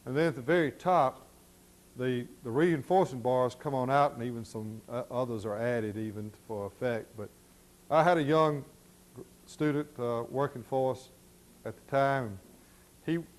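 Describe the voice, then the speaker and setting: A middle-aged man telling folksy stories during an architecture slide lecture, halting with many fillers. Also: medium pitch. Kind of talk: storytelling lecture.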